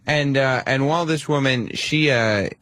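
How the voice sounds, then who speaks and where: A man on a radio show reviewing another program, speaking in a hesitant, halting way. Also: medium pitch, a bit bright, no room sound. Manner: hesitant, halting, full of fillers. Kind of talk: casual studio discussion. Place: radio studio. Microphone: studio microphone.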